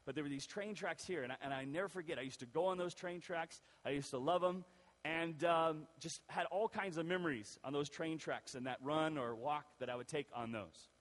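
Male pastor, animated storyteller, slightly high voice, long church-hall reverb. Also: brisk. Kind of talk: storytelling sermon.

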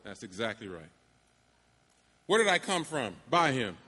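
A man preaching a sermon to graduates, emphatic, with dramatic pauses and call-and-response. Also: medium pitch, very animated, bright, forceful tone. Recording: long hall reverb.

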